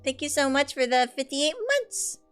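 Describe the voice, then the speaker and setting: A woman streaming a video game live, excitable, quick to laugh and casual in her speech. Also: high-pitched, soft background music. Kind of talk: live game commentary and reading dialogue aloud.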